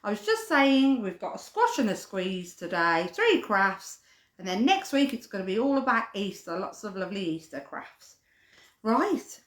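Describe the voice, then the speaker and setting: A woman's voice: mid-range voice, big pitch swings, normal speed. Sing-song woman leading a toddler playgroup. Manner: sing-song, chatty delivery aimed at toddlers and parents. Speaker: playgroup leader. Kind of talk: live-streamed children's playgroup session. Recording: echoey room.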